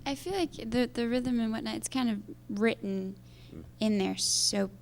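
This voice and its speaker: A woman with a high, gravelly, fry-laden voice speaks on a theater stage. She answers in a halting, measured way. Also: slight background noise. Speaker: actor on a panel. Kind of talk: post-screening Q&A.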